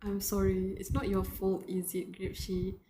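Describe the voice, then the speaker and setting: A woman's voice: medium pitch, monotone, unhurried, warm tone, a little hiss or hum, close to an everyday voice. A woman voicing an easygoing veteran male agent who acts older than he is, read plainly in her own voice. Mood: reassuring.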